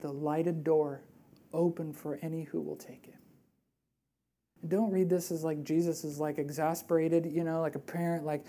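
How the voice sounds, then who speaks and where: Woman preacher, conversational sermon, warm dark tone, hushed for emphasis. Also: deep voice, moderate pace. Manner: animated and conversational, with rhetorical questions; drops to a hushed, earnest voice for emphasis.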